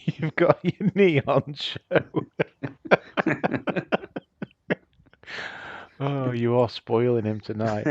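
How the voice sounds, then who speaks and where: A man's voice: mid-range voice, lively intonation, drawn-out words, pauses often, darkish tone, no room sound, dull audio. A man chatting casually and laughing often while he plays a game on a livestream. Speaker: streamer playing the game. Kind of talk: casual gaming livestream chat.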